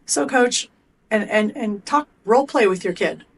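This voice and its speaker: A middle-aged woman appears as a performance coach on a podcast interview, speaking at a normal pace with medium pitch. She's a blunt, animated storyteller who swears casually and acts out both the coach's and the athlete's lines.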